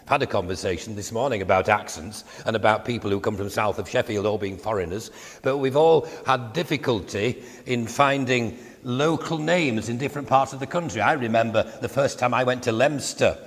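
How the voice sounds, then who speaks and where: A man's voice: medium pitch, fairly quick. Older Yorkshire man, wry storyteller. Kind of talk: anecdotal monologue. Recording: echoey room with long reverb.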